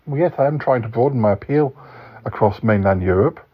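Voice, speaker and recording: A man's voice: mid-range voice, lively intonation, brisk, slightly rough. A man hosting a comic podcast skit, fretful and easily worried. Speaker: podcast host. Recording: dull lo-fi recording.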